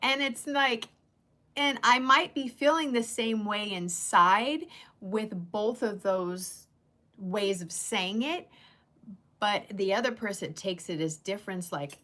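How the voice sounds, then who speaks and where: A woman's voice: mid-range voice, takes it slowly, bright, forceful tone. A woman hosting a casual livestream, chatting bluntly and greeting viewers by name. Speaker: livestream host. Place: indoor room under a bright light.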